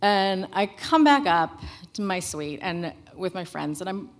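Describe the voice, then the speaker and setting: A woman with a low-pitched voice recounts a personal story at a live storytelling show. She speaks candidly and matter-of-factly into a stage microphone, in an unpolished conversational way. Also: big pitch swings, a little slow.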